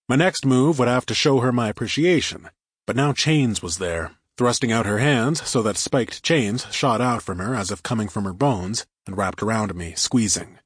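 A man narrating first-person action fiction for an audiobook, in a steady, even storytelling manner. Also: mid-range voice, husky, no room sound, studio quality.

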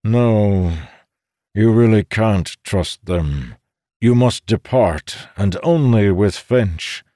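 A man's voice: fairly low pitch, slow, warm tone, no echo, clean studio sound, pitched above the performer's own voice. A man voicing a droning old codger who lectures in a firm, scolding tone. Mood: stern.

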